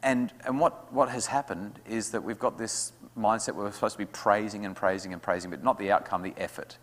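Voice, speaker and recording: A man speaking to parents at an evening talk, lively and acting out what his kids say. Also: fairly low pitch, a little fast. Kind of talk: talk to an audience with questions. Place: school hall. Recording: hall reverb.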